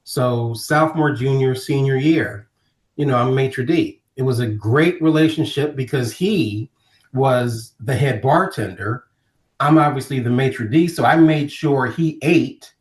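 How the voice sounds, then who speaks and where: Middle-aged man, Ohio-raised guest storyteller, lively and performative, mid-pitched voice, roomy recording. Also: unhurried. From Ohio, USA. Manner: animated storyteller, acting out quoted voices. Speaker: podcast guest. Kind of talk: storytelling in casual conversation. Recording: roomy echo.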